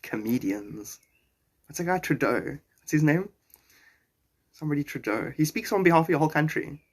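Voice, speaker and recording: A man in his forties with a South African accent chats on a live stream. His voice sits a little high, and he keeps a loose, playful tone as he answers viewers' comments and jokes with them. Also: lively intonation, normal speed, slightly rough. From born in Zimbabwe, raised in South Africa. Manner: chatty, joking and playful. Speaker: livestreamer.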